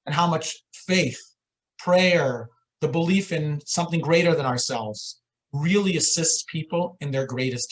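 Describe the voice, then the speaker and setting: A man who is a rabbi, telling an inspirational story in the manner of a sermon, with a dramatic delivery. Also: poor audio. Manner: dramatic storyteller with lively pitch swings.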